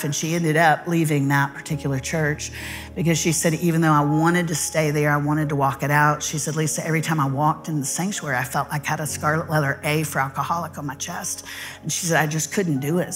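Woman, low voice, animated folksy sermon, faint music behind. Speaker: guest speaker. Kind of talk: sermon storytelling.

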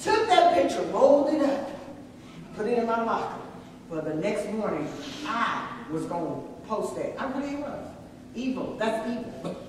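Texan woman elder, animated sermon storyteller, distant mic in a roomy church. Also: a little high, normal speed, slight background noise. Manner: animated storytelling, calls to the congregation. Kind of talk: sermon with personal testimony. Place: church sanctuary. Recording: echoey church hall from far off.

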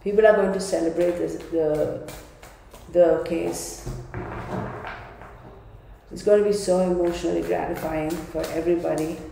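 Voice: mid-range voice, little pitch movement, unhurried, gravelly, pauses often, noisy background. A tarot reader giving an emphatic reading, repeating and restarting phrases while thinking aloud. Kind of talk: tarot card reading video. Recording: very echoey room.

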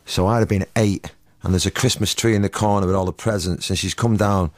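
A man's voice: low voice, steady tone, fairly quick, a little mellow, no room sound. A man in his forties with a Manchester accent, chatting as a musician guest in a casual, rambling, slangy way. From England. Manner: rambling, slangy, keeps saying "you know what I mean". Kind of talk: casual interview chat.

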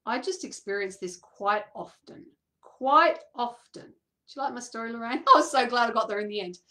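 A coach, a woman with a slightly high voice, talks fast while sharing a personal story with an audience. She brings quoted voices to life and laughs often.

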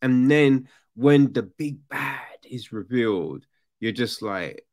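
A man's voice: medium pitch, slow pace. A man on a podcast, casually ranting about a book, swearing a lot and mocking the characters. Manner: animated, profane, mocking voices of characters. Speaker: podcast host. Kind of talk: casual book review rant.

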